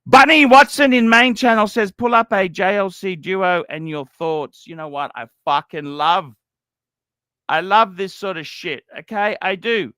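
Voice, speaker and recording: A man hosting a watch livestream, rambling and cursing, repeating himself and swinging between loud outbursts and low mumbles. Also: unhurried, clean tone, no echo. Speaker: livestream host.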